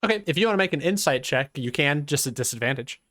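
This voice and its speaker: Man, game master, fairly high voice, dry sound, hesitant narration. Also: expressive, quick pace, pushed and bright, no room sound. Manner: hesitant, with many fillers and restarts.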